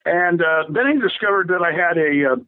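A man's voice: on the high side, a little fast, no room sound. An older man telling rambling stories as a musician being interviewed, laughing often and restarting his sentences. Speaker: rock drummer interviewee. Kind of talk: casual storytelling interview. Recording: tinny dry phone line.

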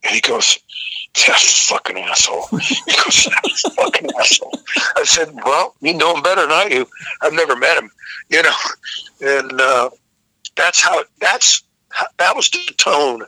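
An older man, a veteran rock vocalist, relaxed and rambling through tour stories. His voice is very bright and forward. It sits close and dry on the mic. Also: fairly high pitch, measured pace, no echo, low-quality recording. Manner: rambling anecdotal, frequent restarts, profane. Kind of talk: casual storytelling interview.

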